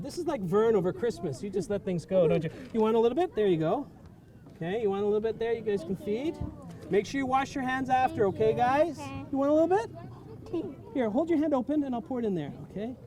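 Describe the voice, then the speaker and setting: Chatty upbeat man, lively pitch. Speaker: host. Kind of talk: live-streamed casual chat. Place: outdoors on a farm.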